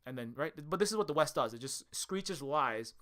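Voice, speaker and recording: Rambling bright-voiced male commentator. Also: fairly high pitch, expressive. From Hawaii. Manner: rapid, rambling, many fillers and restarts. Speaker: video commentator.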